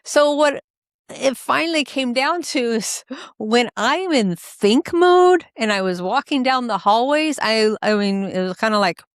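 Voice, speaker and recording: A woman's voice: on the high side, animated, measured pace, no room sound, clean studio sound. A woman hosting a podcast interview, telling stories expressively and acting out quoted dialogue. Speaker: podcast host. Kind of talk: conversational interview.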